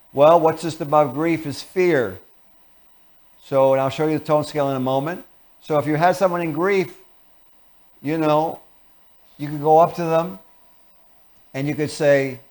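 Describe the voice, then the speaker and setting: A man with a fairly high voice hosts a talk show, teaching his audience step by step. He slips into short acted-out conversations to show his points, then returns to plain explanation. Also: darkish tone. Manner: explains with acted-out example dialogues. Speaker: show host.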